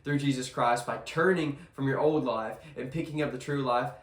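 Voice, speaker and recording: A man's voice: mid-range voice, steady tone, normal speed. A man giving a casual devotional sermon in a chapel, earnest and conversational, often restarting his sentences. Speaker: devotional speaker. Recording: echoey room.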